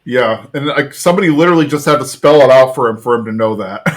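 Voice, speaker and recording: A man hosting a podcast, recapping an episode in an animated, chatty way full of "like". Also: mid-range voice, fast. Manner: animated storyteller, fillers like "like". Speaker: podcast host.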